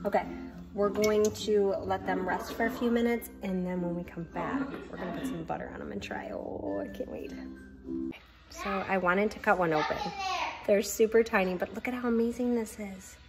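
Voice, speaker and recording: A woman's voice: mid-range voice, normal speed, music in the background. A woman talking through her baking in a chatty, gushing kitchen vlog. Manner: chatty and gushing, with many fillers. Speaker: home cooking vlogger.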